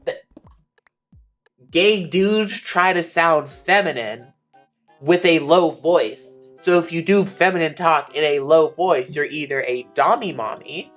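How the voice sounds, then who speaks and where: A woman streaming a game, chatting casually with a raspy voice and a rambling, filler-heavy way of talking. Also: deep voice, slow pace, faint music behind.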